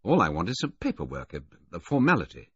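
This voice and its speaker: A belligerent, blustering male schemer from an audiobook, as a male reader puts him on. The voice is low and husky, and it jumps up in sudden protests. The recording is dull and dry. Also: wildly swooping pitch, fast, dry recording, exaggerated voice. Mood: truculent. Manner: belligerent, indignant. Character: truculent, blustering middle-aged male schemer.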